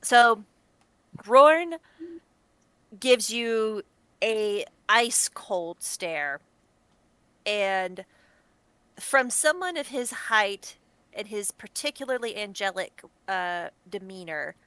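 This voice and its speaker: A woman's voice: medium pitch, expressive, drawn-out words, long pauses, a bit bright, clear, resonant tone, no room sound. A woman narrating a tabletop game as game master, with descriptive storytelling and frequent fillers.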